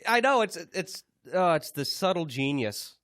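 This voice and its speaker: A man's voice: sits high, sing-song, normal speed, a bit bright, no echo, clean studio sound. A man co-hosting a podcast, chatting casually and rambling with many restarts and fillers. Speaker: podcast co-host. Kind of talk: casual chat.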